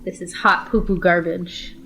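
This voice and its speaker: A woman's voice: on the low side, level tone, vocal fry, pushed and bright, soft background music. A woman playing a tabletop game, chatting casually, blunt and swearing freely. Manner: blunt and swearing, quick to laugh. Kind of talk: casual chat.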